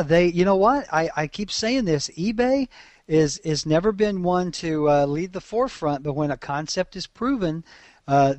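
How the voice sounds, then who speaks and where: A man's voice: on the high side, no room sound. Chatty man, dry close mic. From Alabama. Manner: chatty, laughs often, frequent restarts. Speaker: podcast co-host. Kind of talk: casual podcast chat.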